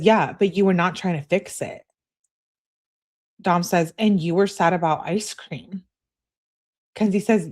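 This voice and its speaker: A woman's voice: on the low side, a little mellow. A woman commentating on a true crime case, reading out text messages and reacting bluntly with sarcasm and swearing.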